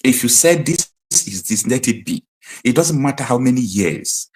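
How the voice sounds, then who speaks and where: A man's voice: mid-range voice, expressive, moderate pace, darkish tone. A man with a Nigerian accent hosting an online political commentary show, talking emphatically and repeating his points. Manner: emphatic, repetitive, preaching tone. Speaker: host.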